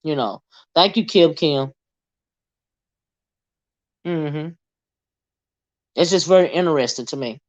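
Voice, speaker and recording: A deep-voiced woman hosting a livestream talks slowly and pauses often as she chats casually with viewers. Her manner is animated and teasing, Southern-style banter, heard through slightly dull lo-fi stream audio.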